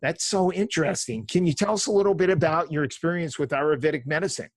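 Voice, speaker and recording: Man in his 50s, podcast host, slightly high voice, dry close sound, reads intros with fillers. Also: fast, no room sound. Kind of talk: interview podcast.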